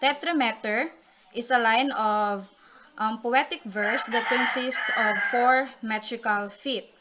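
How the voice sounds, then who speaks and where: A woman's voice: on the high side, slow pace. A woman presenting a class report, reading definitions with frequent ums and restarts. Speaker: student reporter. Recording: dull lo-fi recording with loud noise.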